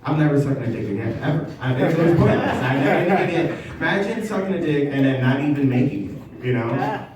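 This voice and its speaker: A man doing a stand-up comedy set in a basement venue, talking in a halting, self-deprecating way with many ums. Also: on the high side, lively intonation, over a noisy crowd. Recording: echoey basement room, mic from far off.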